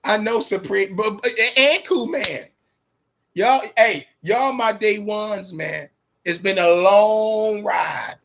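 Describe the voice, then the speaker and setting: A man's voice: sits high, takes it slowly, gravelly, a bit bright. A man hosting a boxing show, talking casually and profanely, amped up and fidgety, repeating himself often. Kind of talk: casual livestream talk.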